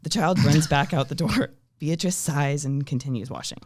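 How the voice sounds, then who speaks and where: Deadpan man reading a comedy script. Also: fairly high pitch, normal speed, dry recording, studio quality. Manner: deadpan reading of stage directions, breaking into laughter. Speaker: script reader. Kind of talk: comedic table read.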